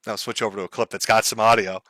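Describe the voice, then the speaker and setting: A man's voice: lowish voice, flat delivery, quick pace, bright, forceful tone. A man hosting a live stream, commenting on clips in a mocking, profane way and laughing often. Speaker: livestream host.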